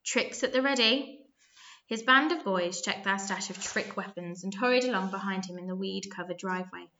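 A woman narrating a children's story aloud, lively and expressive, with small slips. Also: medium pitch, brisk, muffled recording, a little hiss or hum.

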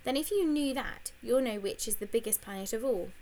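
A smug, bossy schoolgirl, put on by a woman reading a storybook, showing off her facts with a lively, teasing lilt. She talks down to her friend as if giving a lesson, her voice pitched up above the narration. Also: a little fast. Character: bossy know-it-all schoolgirl, smug show-off. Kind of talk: audiobook character reading.

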